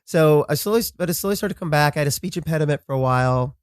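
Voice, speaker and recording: A man as a podcast guest talking casually, often halting and restarting his words. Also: fairly high pitch, no echo, clean studio sound. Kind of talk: casual conversation.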